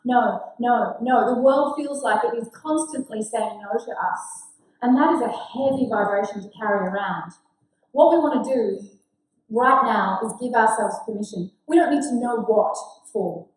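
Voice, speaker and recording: A woman spiritual coach leading a group exercise and giving a motivational talk, encouraging and earnest. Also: a little high. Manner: encouraging, energetic, laughing often; soft slow guiding voice. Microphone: own mic, muted at times. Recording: very echoey room.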